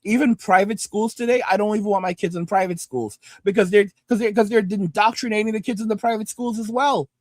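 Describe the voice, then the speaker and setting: This man's high voice is steady and darkish, a little fast, with hardly any pauses and no room sound. He's a livestream host reading viewer comments, and he rants profanely and angrily at viewers, lecturing them repetitively.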